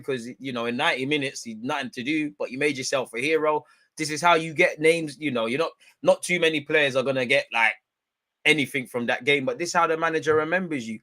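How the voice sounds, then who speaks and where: Young man, London accent, streetwise slang, football stream host, animated, jumps between loud hype and quiet mutters. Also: a little high. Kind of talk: casual live-stream chat.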